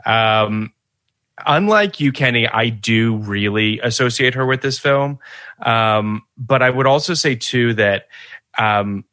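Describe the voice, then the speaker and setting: A man co-hosting a casual film podcast, enthusiastic and halting, with many restarts. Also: mid-range voice, sharp tone, dry recording. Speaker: podcast co-host.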